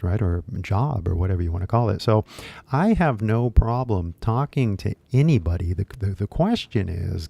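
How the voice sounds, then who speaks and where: A man's voice: lowish voice, creaky, dark tone, no room sound. A man with a Californian accent, an accent teacher talking casually to camera in a rambling, chatty way with many fillers. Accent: Californian English.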